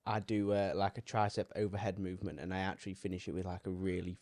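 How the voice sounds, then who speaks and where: Deep-voiced young man, casual. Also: fast talker. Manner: relaxed, agreeable, trails off mid-sentence. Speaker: podcast co-host. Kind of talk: casual gym chat.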